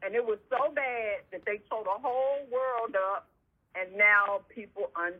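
Husky woman on a tinny phone line. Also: medium pitch, unhurried. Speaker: guest. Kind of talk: interview conversation over the phone.

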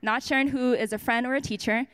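A woman's voice: a little high, steady tone, fast, a bit bright, smooth. A woman giving a personal testimony at a church service, chatty and self-mocking, with lots of fillers and restarts.

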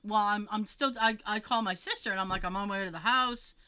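A woman telling a story in a casual chat, animated and acting out the voices of the people in it, with frequent fillers and restarts. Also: mid-range voice, fast, slight background noise, low-quality recording. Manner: animated, acts out quoted voices.

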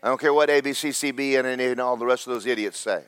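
A man's voice: medium pitch, fast, fairly bright tone, clear, resonant tone, some chatter behind. A man preaching a sermon, telling Bible stories in a folksy, joking way with voices for the characters. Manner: folksy storytelling with comic voices.

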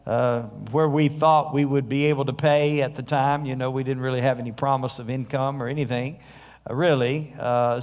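A male pastor preaching a sermon in a church, telling stories in a conversational way with frequent pauses. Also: mid-range voice. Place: church sanctuary. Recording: long hall reverb.

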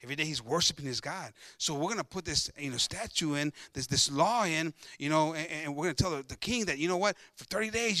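A man's voice: on the high side, quick pace, hardly any pauses, sharp tone, no echo, clean studio sound. A man preaching, reading scripture aloud and retelling it in his own words with many repeats and restarts. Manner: switches between English and Spanish. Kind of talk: bilingual sermon, reading scripture and explaining.

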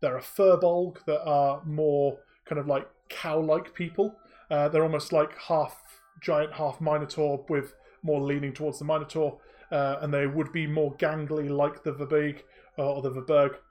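A man's voice: on the high side, level tone, normal speed, darkish tone. A man narrating a tabletop game as game master, hesitant and full of restarts. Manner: hesitant, many fillers and restarts.

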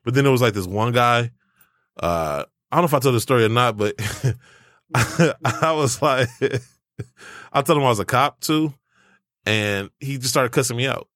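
A man's voice: medium pitch, unhurried, no room sound, studio quality. A man hosting a podcast who chats casually and tells stories, swearing freely. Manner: animated storytelling, swears freely. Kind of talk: casual chat.

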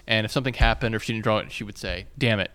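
With a low-leaning, bright and forceful voice that stays smooth and steady, a thirtysomething podcast co-host races through casual talk. He rambles with frequent fillers and restarts while landscaping noise goes on outside.

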